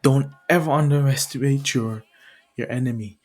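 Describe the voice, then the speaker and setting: A man's voice: medium pitch, normal speed, darkish tone, soft background music, lightly acted. A man voicing a stern male mentor firmly lecturing his pupil. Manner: lecturing, firm.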